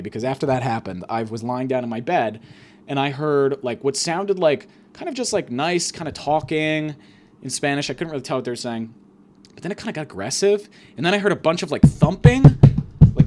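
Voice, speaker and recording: A man's voice: medium pitch, slight background noise. A young man telling a crude, rambling comic story as a podcast host.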